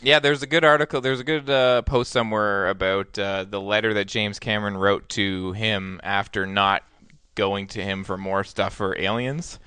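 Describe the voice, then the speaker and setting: An easygoing man with a smooth, resonant voice in casual podcast talk. He agrees readily and laughs often. The sound is dry and close. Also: fairly low pitch, fairly even intonation, normal speed, sharp tone, dry recording. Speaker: podcast co-host. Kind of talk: casual chat.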